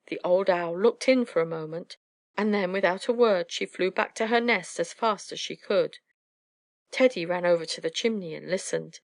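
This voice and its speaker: A woman narrating a children's storybook in a gentle, measured way. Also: fairly low pitch, dry recording, clean studio sound. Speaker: audiobook narrator.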